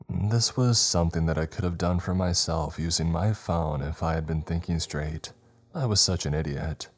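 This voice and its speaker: A man narrating a scary story in a steady, measured storytelling manner. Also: extremely low pitch. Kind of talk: scripted horror narration.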